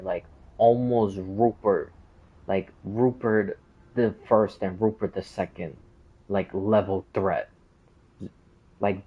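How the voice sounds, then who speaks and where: A man's voice: fairly low pitch, darkish tone, husky, dull audio. A man explaining game lore in a casual, rambling way, full of fillers and side tracks. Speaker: game streamer.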